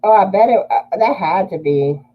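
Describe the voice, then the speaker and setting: A woman's voice: mid-range voice, animated, normal speed. Chatty livestream host, woman from Louisiana, muffled lo-fi audio. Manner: chatty, greets viewers and reads comments aloud. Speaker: livestream host reading viewer comments. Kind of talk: casual livestream chat.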